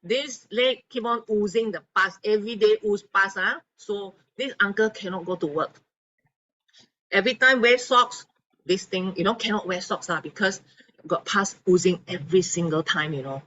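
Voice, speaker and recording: A woman giving an animated testimonial talk to an audience, acting out the people she quotes. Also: mid-range voice, normal speed, muffled recording. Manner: animated storyteller, acts out quotes.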